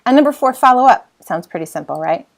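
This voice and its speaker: A woman's voice: fairly high pitch, animated, fast, creaky. Emphatic woman teaching a lesson. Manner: emphatic, repeats words, acts out example phrases. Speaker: customer service trainer. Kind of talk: recorded training lecture.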